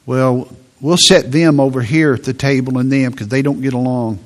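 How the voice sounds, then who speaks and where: A man preaching a sermon in an earnest tone, often repeating words as he presses a point. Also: a little high.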